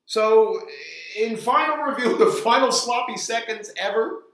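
A man's voice: extremely high pitch, a bit bright. A man in his forties reviewing a frozen pizza in a casual vlog, rambling and restarting his sentences. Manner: rambling, halting, restarts often. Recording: roomy echo.

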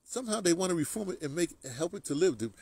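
A man's voice: high voice, animated, very fast, creaky, a little mellow, husky, no echo, rough recording. A man delivering a rambling political rant, repeating words and restarting often. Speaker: political commentator. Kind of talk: ranting monologue.

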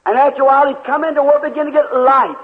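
A man preaching a revival sermon, telling a dramatic story and voicing the people in it, rising now and then to a shout, recorded in a large church hall. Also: extremely high pitch, steady tone, fast talker. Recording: tinny old phone-like tape, long hall reverb.

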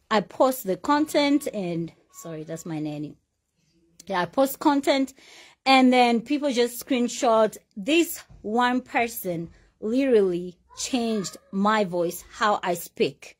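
A loud, confident woman in her forties talking casually and emphatically to her followers. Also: on the high side. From Uganda. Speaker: social media personality. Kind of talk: casual talk to camera, addressing followers.

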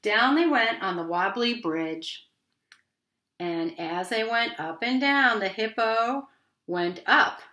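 Slow, bright-voiced woman reading to kids. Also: fairly high pitch, expressive. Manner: gentle, teacherly, slow. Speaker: children's story reader. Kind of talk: reading a picture book aloud with toys.

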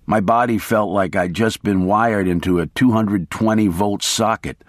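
A man narrating a novel in the first person, reading in a measured, steady way. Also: lowish voice, dry recording, studio quality. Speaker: audiobook narrator.

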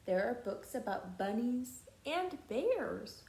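A woman teacher reads a picture book aloud to young children at an unhurried pace. Her pitch rises and falls in a lively way, and her voice sounds mellow and warm. The recording has a roomy echo. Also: vocal fry. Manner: slow, gentle and lively. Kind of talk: storybook read-aloud for children.

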